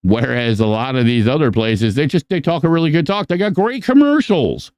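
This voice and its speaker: A man hosting a podcast in casual chat, rambling and profane, with animated storytelling. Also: mid-range voice, a little fast, smooth, no echo. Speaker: podcast host.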